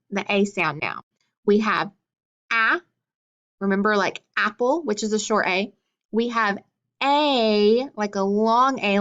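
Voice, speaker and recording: A woman teaching a phonics lesson to young children, sounding out words clearly and praising answers. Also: medium pitch, fairly bright tone, highs cut off.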